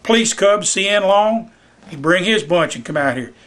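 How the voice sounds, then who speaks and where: Older guy spinning yarns at his house, voice sits kinda high. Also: lively intonation, normal speed, fairly bright tone. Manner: folksy Southern storyteller, acts out voices in his anecdotes. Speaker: retired youth baseball coach. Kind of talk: storytelling in a home visit. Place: living room of his house.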